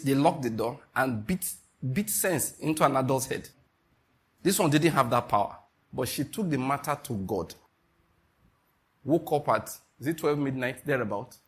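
A middle-aged man preaching a sermon, an animated storyteller who acts out the voices in his stories. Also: mid-range voice, breathy edge. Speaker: pastor.

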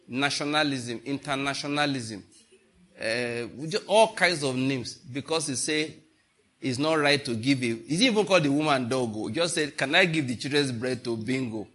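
Male preacher, animated storyteller, husky edge, bright tone. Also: mid-range voice. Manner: animated, storytelling with laughter and acted-out quotes. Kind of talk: sermon.

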